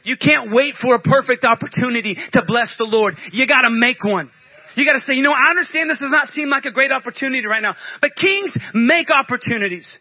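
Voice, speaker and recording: Male pastor, very high voice, fervent sermon delivery with call-outs, dry lo-fi recording. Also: a little fast, dry recording. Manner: fervent preaching with call-outs, acts out prayers.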